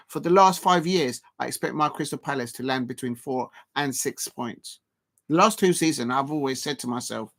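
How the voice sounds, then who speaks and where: A man's voice: a little high, a bit bright. Rambling, emphatic male football streamer. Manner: rambling and emphatic, with many restarts. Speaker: live stream host. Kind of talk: casual football chat on a live stream.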